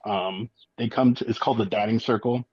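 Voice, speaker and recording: A male guest with a low voice tells his story in a halting, matter-of-fact way, with lots of fillers along the way. His audio is dull and lo-fi, as if he is coming in over a remote call. The sound is dry, with no room echo. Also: fairly even intonation, darkish tone, slightly rough. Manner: halting, many ums and likes, matter-of-fact. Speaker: guest, eyewitness. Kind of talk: casual interview storytelling.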